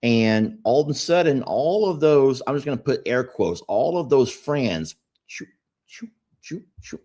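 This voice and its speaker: A man's voice: medium pitch, lively intonation, normal speed, warm tone. A man, co-hosting a casual podcast chat and telling rambling stories. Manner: rambling storytelling, easygoing. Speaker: podcast co-host.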